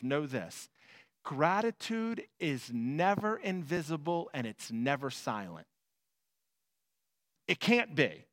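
A man preaching a chapel sermon to students, emphatic, swinging from loud declarations to soft, hushed lines. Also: fairly high pitch. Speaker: pastor.

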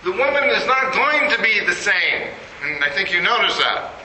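A man's voice: high-pitched, sing-song, normal speed, sharp tone. A man giving an interactive lecture, quizzing the audience and making joking asides. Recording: echoey room with noise.

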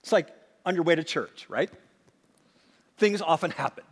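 A man preaching a sermon, swinging from emphatic acted-out quotes to hushed asides. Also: on the high side, normal speed. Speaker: pastor. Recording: long hall reverb.

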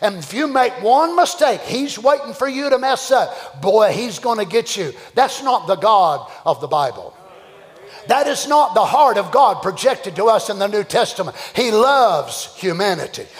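Male pastor with a strikingly high voice, fervent preaching, recorded in a reverberant sanctuary. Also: sing-song, moderate pace. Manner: impassioned preaching, rising to shouts. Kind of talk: sermon. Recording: long church hall reverb.

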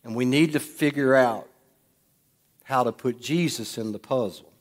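A man preaching a sermon in a church, swinging between loud bursts and hushed, quiet lines. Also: medium pitch, unhurried. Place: church sanctuary. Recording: long hall reverb.

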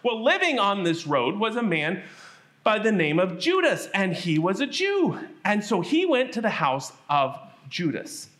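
A man telling a Bible story at a children's church service, animated and asking the kids questions. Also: sits high, unhurried.

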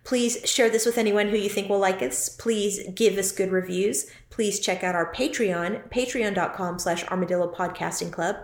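A woman's voice: mid-range voice, moderate pace, hardly any pauses. Woman podcast co-host in a roomy room. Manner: relaxed, wraps up the show with plugs. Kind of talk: casual book-club chat. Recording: roomy home podcast audio.

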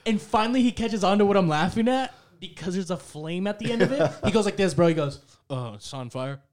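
A man's voice: high voice, fast talker, a little mellow. A man, co-hosting a podcast. He rambles through wild stories, swearing and laughing as he goes. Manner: rambling, laughing mid-story, heavy swearing. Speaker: podcast co-host. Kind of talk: casual storytelling chat. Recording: podcast studio before a live audience.

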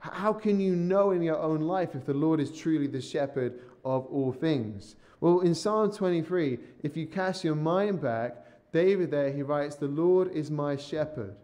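A man preaching a sermon in an earnest, deliberate way, with a voice pitched a little above the usual for a man. He slows down and lets his voice drop on the phrases he wants to land. Now and then he repeats a word as he starts a sentence. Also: warm tone. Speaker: pastor. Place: church or studio, podcast recording.

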